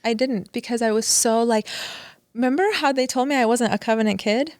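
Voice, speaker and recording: A woman's voice: a little high, a little fast, dry recording, studio quality. A woman guest on a podcast, telling a personal family story in conversation and acting out past exchanges. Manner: animated, acts out past dialogue.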